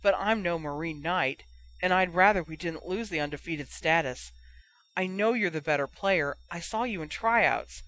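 A man's voice: fairly high pitch, moderate pace, a bit bright, lightly acted, low-quality recording. A reader voicing a timid, slender young man who speaks frightened and pleading in a storybook reading. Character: timid slender young male reserve player.

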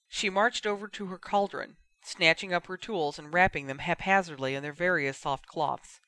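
A man narrating a fan fiction audiobook in a steady, expressive storytelling manner. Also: on the high side, moderate pace, hardly any pauses, no echo. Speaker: reader.

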